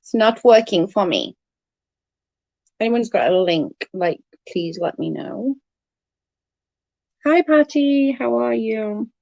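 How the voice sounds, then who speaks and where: A woman hosting a casual live stream, chatting with viewers and reading their messages, blunt and quick to swear when annoyed. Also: on the high side, lively intonation, vocal fry, a little mellow, dry recording, dull audio. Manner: chatty, reads and answers chat messages. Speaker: livestream host.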